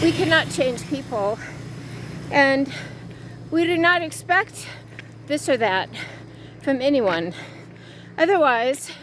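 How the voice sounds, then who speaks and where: A woman's voice: sits high, slight background noise. A woman giving an earnest, repetitive motivational talk outdoors while walking with ankle weights, slightly out of breath. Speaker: fitness vlogger.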